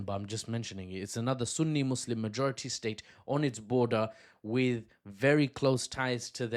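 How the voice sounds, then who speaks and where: A young man giving casual political commentary, talking fast and wandering into joking asides. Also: on the low side. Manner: quick, digressive, joking asides. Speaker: news commentator.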